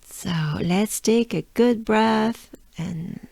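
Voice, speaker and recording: A woman's voice: mid-range voice, very slow, vocal fry, mellow, no room sound. A woman from France with a French accent, teaching pronunciation patiently, drilling each sound several times and inviting the listener to repeat. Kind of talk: slow, drilled pronunciation lesson.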